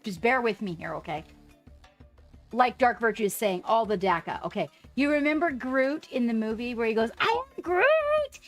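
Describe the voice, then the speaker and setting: A chatty woman with a somewhat high voice talks excitedly through a casual livestream. She keeps breaking off to greet viewers by name. Soft music plays quietly underneath. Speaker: livestream host painting miniatures.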